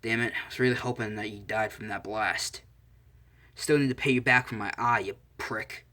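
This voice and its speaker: A man's voice: lowish voice, steady tone, normal speed, pushed and bright. Bitter male mercenary villain, insulting and spiteful; a man reads him.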